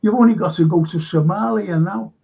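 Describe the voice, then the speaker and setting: A man's voice: high voice, a little fast, vocal fry, slightly rough, lo-fi sound. A man hosting a live-stream current-affairs show, ranting with plenty of swearing and greeting viewers in the chat.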